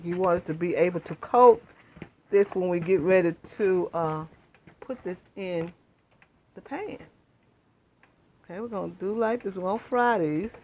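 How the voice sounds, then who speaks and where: A woman hosting a home cooking demonstration in her kitchen, chatting homely with viewers. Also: lowish voice. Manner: homey, chatty, addresses viewers as y'all. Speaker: cooking channel host.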